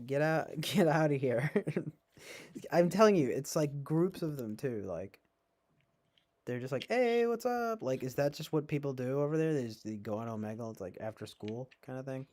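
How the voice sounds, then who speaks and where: A man's voice: mid-range voice, moderate pace, a little mellow. A young man chatting casually on a livestream, rambling, joking and swearing a lot. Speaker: streamer. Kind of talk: casual livestream chat with strangers.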